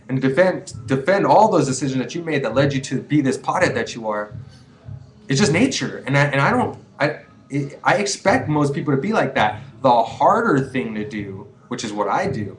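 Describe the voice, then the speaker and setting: A young man in his twenties speaks straight to his viewers in a loose, unscripted way. His voice sits in an ordinary middle pitch. He talks earnestly and doubles back on his words often. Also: fairly bright tone, rough recording. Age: 20s. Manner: rambling, earnest, with many restarts and fillers. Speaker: vlogger giving quitting advice. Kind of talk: casual advice vlog.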